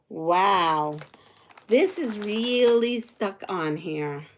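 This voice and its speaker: Woman, quilting livestream host, unhurried speech, casual chat, thinks aloud while working. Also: medium pitch, creaky, a little hiss or hum. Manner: thinks aloud, chats with viewers' comments. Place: at home.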